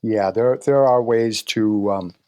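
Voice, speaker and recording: Guy with a lowish voice chatting easy, doing little patient voices, dry close sound. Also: takes it slowly, smooth, no room sound. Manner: relaxed storytelling, acts out patient dialogue. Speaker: guest practitioner. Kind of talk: conversational interview.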